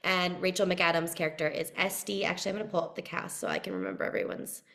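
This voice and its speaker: A woman's voice: lowish voice, very animated, fast talker, a bit bright. A woman co-hosting a podcast, chatting casually about a film and filling her sentences with "like". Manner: chatty, leans on "like" as a filler. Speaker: podcast co-host.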